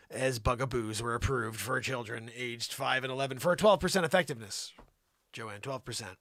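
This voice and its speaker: A man hosting an improvised comedy news show, talking in a mocking, animated way to an imaginary co-host. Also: medium pitch, brisk, dry recording, clean studio sound.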